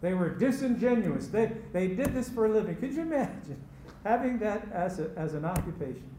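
A man preaching a sermon as pastor, slow and emphatic, repeating key phrases. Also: high-pitched, big pitch swings, dark tone, slight background noise. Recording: echoey room with faint ambience.

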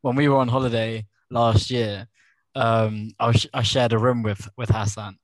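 A man's voice: medium pitch, little pitch movement, normal speed, no room sound, low-quality recording. A man on a podcast telling a funny anecdote, laughing as he goes. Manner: laughing while telling a story. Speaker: podcast co-host. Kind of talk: anecdote in casual chat.

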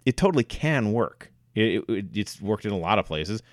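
A man's voice: lowish voice, lively intonation, normal speed, no echo, studio quality. A man co-hosting a sports podcast, talking football casually with frequent fillers and restarts. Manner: hesitant, many fillers and restarts.

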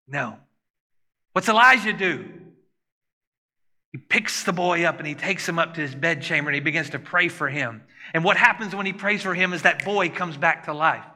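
A man's voice: on the high side, moderate pace, pushed and bright, big-room sound. A man preaching a sermon to a congregation in a conversational style, often putting questions to them. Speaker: pastor.

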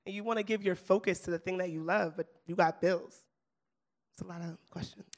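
A woman's voice: fairly low pitch, steady tone, a little fast, a little mellow. A woman podcast host talking casually and animatedly, mimicking voices and whooping. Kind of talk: casual chat.

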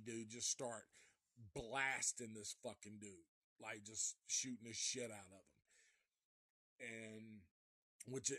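A man's voice: medium pitch, dry recording, studio quality. A man recapping a film in a casual live review, profane and rambling with many restarts.

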